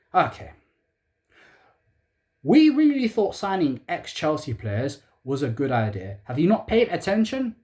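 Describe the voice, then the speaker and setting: A man's voice: on the high side, a little mellow. A young man ranting sarcastically as a football fan channel host, firing rhetorical questions in heavy slang.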